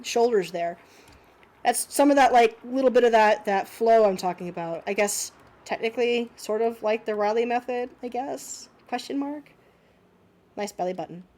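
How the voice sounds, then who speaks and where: A woman's voice: medium pitch, darkish tone. A young woman teaching an unscripted art lesson, critiquing student drawings in a chatty, encouraging way with many fillers and restarts, sounding slightly congested.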